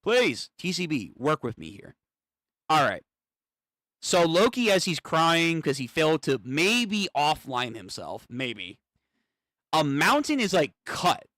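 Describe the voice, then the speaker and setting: A man streaming a live manga reaction, thinking aloud, swearing and getting excited as he reads. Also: on the high side, slow pace, dry recording, clean studio sound.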